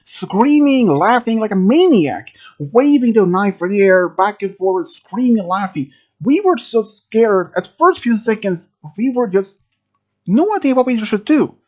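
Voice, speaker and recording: A storyteller from Sweden telling a first-person horror story, halting, with restarts and phrasing. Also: medium pitch, expressive, darkish tone, muffled recording. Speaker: channel host telling a story.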